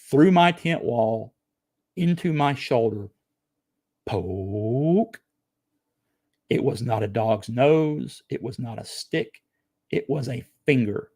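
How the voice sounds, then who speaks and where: Man, 60s, from South Carolina, podcast guest, gravelly, animated storyteller. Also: mid-range voice. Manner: animated, acts out his own excited thoughts. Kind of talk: casual storytelling.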